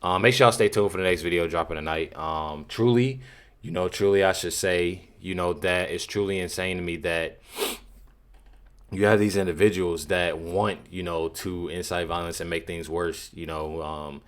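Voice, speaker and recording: A man's voice: low voice, steady tone, moderate pace. A young man hosting casual reaction commentary, full of fillers and repeating himself. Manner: repetitive, lots of "you know" fillers. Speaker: commentary channel host.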